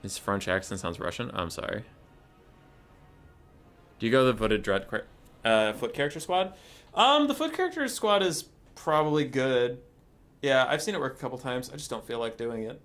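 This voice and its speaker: An excitable man talks through his strategy game in casual commentary, swearing freely and chatting to himself. His voice is bright and sharp, and his pitch swings up and down a lot. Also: moderate pace, long pauses. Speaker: streamer playing a strategy game.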